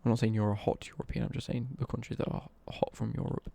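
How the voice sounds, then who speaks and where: A man's voice: mid-range voice, little pitch movement, fast, gravelly, mellow. A man live-streaming a football game and chatting cheekily with viewers, reading their messages out and joking back. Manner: cheeky, jokey banter, reads out chat messages.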